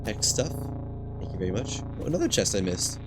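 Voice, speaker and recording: Low-voiced man muttering through gameplay. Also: big pitch swings, a little fast, music in the background. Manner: muttering to himself, laid-back. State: hiccups. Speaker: streamer. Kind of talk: casual gameplay commentary. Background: game ambience and engine noise.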